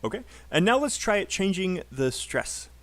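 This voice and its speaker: A man's voice: high voice, sing-song, moderate pace, a bit bright. A man with a British accent teaching a live online English class, chatty and encouraging, drilling phrases aloud for students to repeat.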